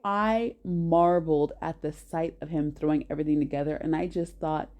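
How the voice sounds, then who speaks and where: A woman telling a personal story to camera in an animated, emphatic way, often correcting herself mid-sentence. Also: low voice, normal speed, lo-fi sound.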